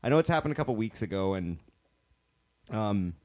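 A man's voice: on the low side, lively intonation, a little fast, darkish tone. A young man hosting a casual podcast chat, rambling with lots of fillers and laughing mid-sentence. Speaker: podcast host.

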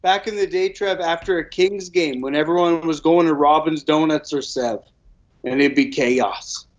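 A man's voice: a little high, moderate pace, dull audio. A man telling stories in casual chat, profane and laughing as he talks.

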